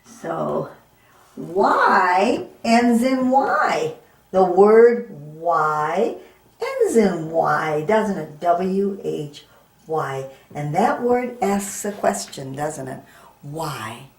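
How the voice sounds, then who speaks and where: Woman, reading teacher, slow and patient phonics delivery, roomy echo. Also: lowish voice, very animated. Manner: slow, patient, sounding out letters. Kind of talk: children's phonics lesson. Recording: echoey room.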